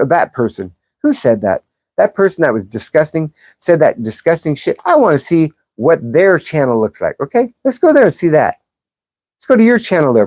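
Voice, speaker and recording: A woman with a low-pitched, slightly mellow voice hosts a livestream, recorded dry. She reads chat comments and fires back bluntly, with profanity and sarcasm, combatively calling out commenters.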